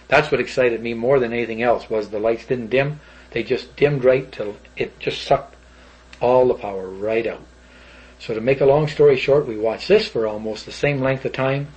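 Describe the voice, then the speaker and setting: A man's voice: mid-range voice, darkish tone, husky, poor audio. An older man, rambling animatedly through an old story as an interviewee.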